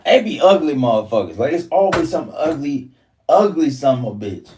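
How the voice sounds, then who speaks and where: Man, heated profane rant, lively up-and-down pitch, distant mic. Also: normal speed, a little hiss or hum. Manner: profane, repetitive, heated ranting. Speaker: vlogger. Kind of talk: casual ranting monologue.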